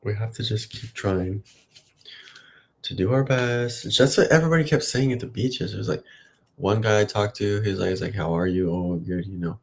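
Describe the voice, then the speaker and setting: A man in his late thirties chats to the camera in a loose, wandering way and cheers himself on as he goes. His voice sits a little low and has a gravelly, fry-heavy edge. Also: normal speed, a little hiss or hum. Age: late 30s. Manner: chatty, self-encouraging, wandering. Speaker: vlogger. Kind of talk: casual rambling self-talk.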